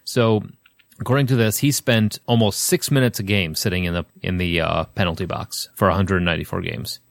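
Middle-aged male podcast host, low voice, dry close sound, chatty trivia reader. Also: steady tone, a little fast, gravelly, dry recording. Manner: reads trivia aloud, chatty, self-deprecating. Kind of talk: casual chat.

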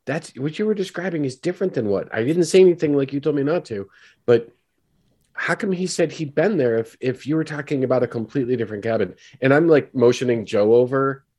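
A man's voice: mid-range voice, fairly quick, darkish tone, slightly rough. A man as a player in a tabletop game, talking in a hesitant, stop-start way. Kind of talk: tabletop role-play.

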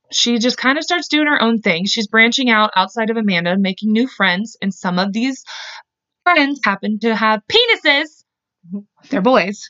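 A woman's voice: medium pitch, pushed and bright, dry recording, dull audio. A woman hosting a podcast, telling a true-crime story in a chatty, profane way with side tangents. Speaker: podcast host.

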